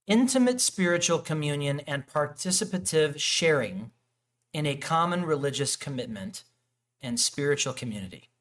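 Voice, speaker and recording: Male pastor, conversational sermon delivery, slightly high-pitched, animated storyteller. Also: moderate pace. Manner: animated, acts out quoted dialogue, frequent restarts and fillers.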